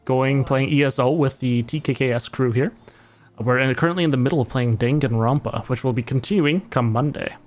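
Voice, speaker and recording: A man's voice: medium pitch, brisk. A young man streaming a game live, chatting casually with viewers and teammates, laughing often. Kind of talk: casual live-stream chat while gaming.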